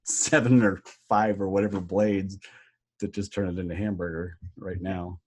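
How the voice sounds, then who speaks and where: A man with a fairly low voice, chatting casually as a podcast co-host. He is relaxed and laughs often as he tells stories. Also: moderate pace, slightly rough. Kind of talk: casual chat.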